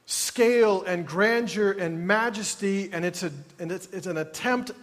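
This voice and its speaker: A man's voice: sits high, unhurried, fairly bright tone. A man preaching a sermon in a conversational way, with wry asides and mock groans. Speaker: pastor. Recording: long hall reverb.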